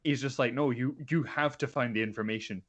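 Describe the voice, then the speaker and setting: A man's voice: medium pitch, brisk. A young man co-hosting a podcast, talking wryly about a film, comparing it to video games and swearing. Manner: wry, uses gaming comparisons, swears. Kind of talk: casual film discussion.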